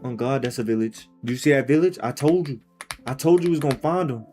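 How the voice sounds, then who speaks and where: A man live-streaming a game, reacting out loud in casual, slangy commentary and talking to himself and his viewers. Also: medium pitch, quick pace, soft background music. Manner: excitable, slangy, talks to himself and chat.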